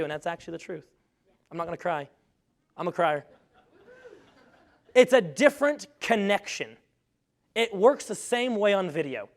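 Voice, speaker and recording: High-voiced man giving an upbeat live talk. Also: fairly quick, pauses often. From grew up on a farm. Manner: energetic, joking, self-deprecating. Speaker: speaker on webinar marketing.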